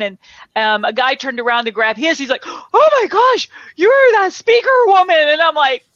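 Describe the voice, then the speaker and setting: A woman's voice: on the high side, a bit bright, no echo, highs cut off. A woman speaker chatting as a guest in an interview, filling her talk with "you know". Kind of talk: conversational interview.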